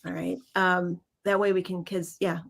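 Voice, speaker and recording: A woman co-hosting a casual livestream as a card reader, speaking in a halting way with frequent ums and restarts. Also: lowish voice, little pitch movement, vocal fry, fairly bright tone.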